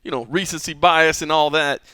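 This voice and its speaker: A man hosts a casual podcast chat with a bright, smooth voice on a dry, close studio mic. He talks in a relaxed way with the odd stammered restart. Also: fairly high pitch, moderate pace, dry recording. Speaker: podcast host.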